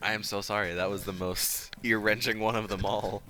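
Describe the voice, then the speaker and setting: A man's voice: lowish voice, little pitch movement, a little fast, over music. A man casually chatting and reading game text aloud while streaming, chuckling often. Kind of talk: casual let's-play chat.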